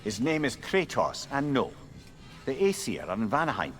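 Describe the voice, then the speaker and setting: A man's voice: medium pitch, huge pitch swings, moderate pace, fairly bright tone. An actor playing a witty, chatty male advisor who is a severed head, speaking with dry, wry courtesy.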